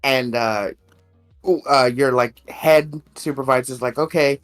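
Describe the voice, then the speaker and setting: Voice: mid-range voice, measured pace, soft background music. A podcast co-host in a casual chat who talks loosely, swears freely and keeps laughing between words. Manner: giggly, loose and profane, laughs through sentences.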